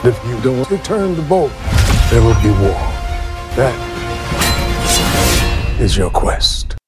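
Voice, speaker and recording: An actor playing a solemn adult man who foretells a young hero's quest, speaking in a measured way in a trailer clip. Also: medium pitch, sing-song. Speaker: trailer character. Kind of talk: film trailer dialogue. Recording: trailer clip under loud music.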